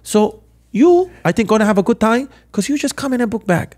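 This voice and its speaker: A man voicing a sixty-year-old Italian bellhop who gives calm life advice in broken English with an Italian accent. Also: very high voice, a little fast, pitched above the performer's own voice, heavily acted. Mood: wise, easygoing. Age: 60s.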